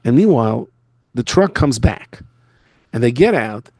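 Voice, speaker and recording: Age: adult. Sex: man. Role: rabbi lecturing. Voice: gravelly, dry. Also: medium pitch, a little slow, no echo. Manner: animated storyteller who acts out the people he quotes. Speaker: rabbi giving an annual lecture. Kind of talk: storytelling lecture. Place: his office in a school.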